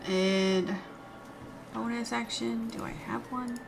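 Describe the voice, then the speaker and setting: A woman's voice: on the high side, steady tone, takes it slowly, gravelly, over music. A woman playing a tabletop game, thinking aloud hesitantly about her moves. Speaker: player. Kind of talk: casual tabletop game chat.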